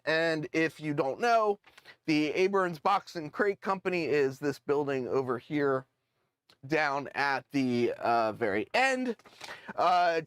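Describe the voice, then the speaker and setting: A man casually chatting on a live stream, reading a letter aloud with lots of fillers and self-deprecating asides. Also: fairly high pitch. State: voice cracking. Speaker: model railroad streamer.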